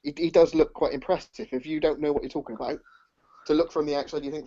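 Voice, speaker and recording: A man co-hosting a boxing podcast, arguing his point in animated casual chat. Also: fairly high pitch, fast talker. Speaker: podcast co-host. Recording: lo-fi audio with faint noise.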